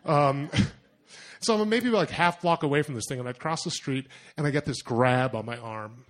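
Animated man telling a travel story. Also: mid-range voice, moderate pace. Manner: animated, self-mocking, lots of fillers and acted-out inner voices. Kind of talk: personal story told to an audience.

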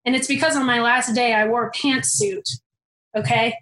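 Young woman telling a story, high voice, kinda swears, echoey room. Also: normal speed. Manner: animated, candid, swears casually. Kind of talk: personal storytelling. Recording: roomy echo.

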